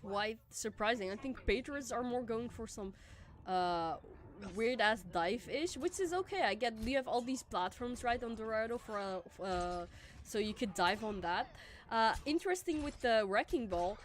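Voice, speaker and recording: A woman's voice: on the high side, animated, normal speed. A woman co-casting an esports match in a chatty, casual way, with many fillers and frequent laughs. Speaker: esports co-caster.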